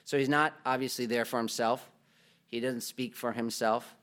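A man preaching a sermon at an ordinary middle pitch. He keeps it conversational, putting questions to the congregation and breaking off for light joking asides. He sounds like a pastor talking with the people in front of him rather than reading to them. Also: steady tone, normal speed, a bit bright, smooth.

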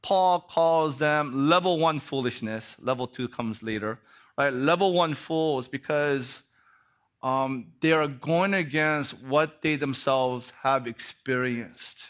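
A middle-aged man preaching a sermon as pastor, animated and peppered with rhetorical "right?" asides. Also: medium pitch, takes it slowly, lo-fi sound.

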